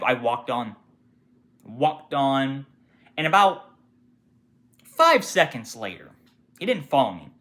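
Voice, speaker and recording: Young male retail worker venting on camera, animated and bright, heavy swearing. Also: mid-range voice. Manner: profane, animated, mimics customers with sudden shouts. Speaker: retail worker telling customer stories. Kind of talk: casual storytime rant.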